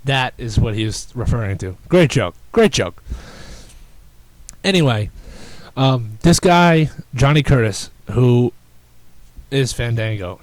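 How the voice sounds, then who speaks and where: A man hosts a casual podcast, talking in an excitable, rambling way and restarting his sentences often. His voice sits at an ordinary middle pitch. The sound is dry and close, with no room echo. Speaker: podcast host. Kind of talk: casual chat.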